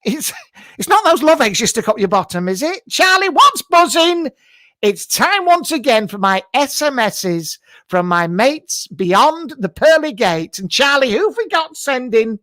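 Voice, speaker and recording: A man's voice: extremely high pitch, bright, forceful tone, no echo, studio quality, heavily acted. A man playing a brash, camp male psychic medium, hosting a live comedy show from his garage, teasing guests bawdily. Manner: bawdy, teasing, breaks into frequent laughter. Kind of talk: improvised live-stream comedy character. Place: double garage at home. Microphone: computer mic on a live stream.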